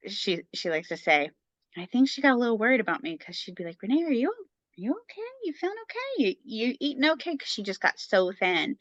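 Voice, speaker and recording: A woman's voice: lowish voice, sharp tone, dry recording, muffled recording. A woman in her thirties co-hosting a podcast about motherhood, chatting casually and rambling with lots of fillers. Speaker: podcast co-host. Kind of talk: casual chat.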